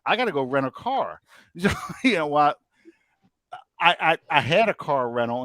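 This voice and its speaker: A man hosting a podcast, telling a story in a casual, animated way and laughing often as he goes. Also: medium pitch, dry recording. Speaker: podcast host.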